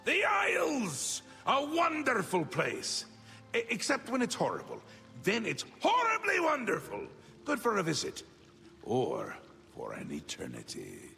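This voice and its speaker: An actor voicing an erratic, whimsical prince of madness in a video game, swinging between chirpy and menacing. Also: male voice, high voice, huge pitch swings, a little slow, creaky, pushed and bright, faint music behind, exaggerated voice. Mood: manic, capricious. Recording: game audio with long reverb.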